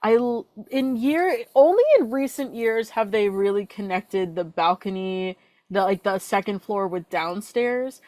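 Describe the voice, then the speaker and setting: A young woman co-hosting a fan podcast in casual chat, chatty with quick asides and filler words. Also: medium pitch, darkish tone, no room sound. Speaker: podcast co-host.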